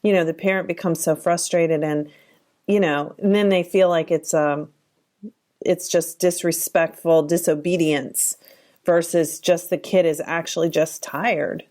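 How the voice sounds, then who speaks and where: A woman's voice: lowish voice, fairly even intonation, unhurried, darkish tone. A woman hosting a therapy podcast, agreeing with her guest and asking reflective follow-up questions. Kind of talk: podcast interview.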